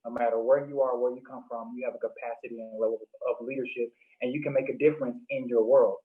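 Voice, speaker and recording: A man's voice: mid-range voice, steady tone, quick pace. A young man from Mississippi, a panel guest, introducing himself in an earnest, motivational way. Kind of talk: casual self-introduction. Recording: phone-like call audio.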